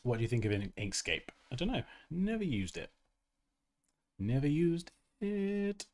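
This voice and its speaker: A man's voice: mid-range voice, very animated, fairly quick. A man hosting a casual design tutorial livestream, chatty and self-mocking, who laughs often and reads chat comments aloud.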